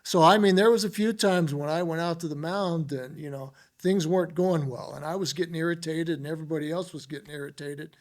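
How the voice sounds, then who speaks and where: A man, a former ballplayer, telling stories as a podcast guest in an animated, rambling way full of "you know"s. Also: fairly high pitch, a little fast, hardly any pauses. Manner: animated, filler-heavy storytelling with many "you know"s. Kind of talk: casual storytelling interview.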